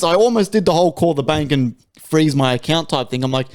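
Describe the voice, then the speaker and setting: A young adult man with an Australian accent, co-hosting a casual podcast chat and telling stories with lots of swearing and sudden jumps in pitch. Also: fast, hardly any pauses. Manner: animated storytelling, swears freely, big pitch jumps when ranting. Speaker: podcast co-host.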